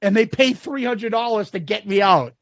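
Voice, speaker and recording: A man in his fifties tells a rambling, foul-mouthed story on a podcast, laughing often and acting out the other people's lines. His voice sits high for a man, and the recording is dry and close with no room around it. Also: expressive, moderate pace, no echo. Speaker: podcast co-host. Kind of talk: casual storytelling chat.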